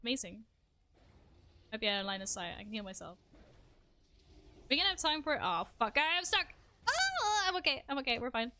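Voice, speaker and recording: A young adult woman streaming a game live, reacting excitably, swearing and making fun of herself. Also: on the high side, brisk, pauses often, slight background noise. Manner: excitable, swears, self-deprecating outbursts. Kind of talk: live gameplay commentary.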